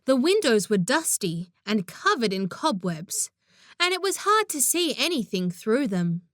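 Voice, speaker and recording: A woman narrating a children's audiobook in an expressive storytelling manner, close to the mic. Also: on the high side, a little slow, no echo.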